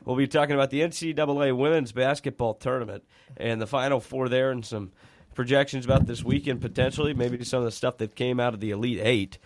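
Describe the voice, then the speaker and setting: A male sports radio host chats casually in the studio, trailing off and restarting as he jokes with his crew. His voice sits at an ordinary pitch. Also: steady tone, fast, slight background noise. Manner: rambling, joking, many restarts.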